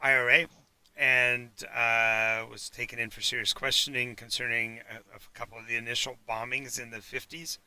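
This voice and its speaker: Bright, dry-voiced man running a game. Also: mid-range voice, flat delivery, clear, resonant tone, no room sound. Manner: halting, with many fillers and restarts. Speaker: game master. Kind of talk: narrating a tabletop game. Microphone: home mic for a live stream.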